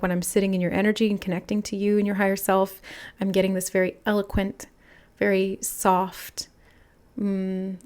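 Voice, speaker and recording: Woman doing a tarot reading, soft and musing, kinda thinking out loud as she channels. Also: mid-range voice. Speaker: tarot reader. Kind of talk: intuitive spiritual reading.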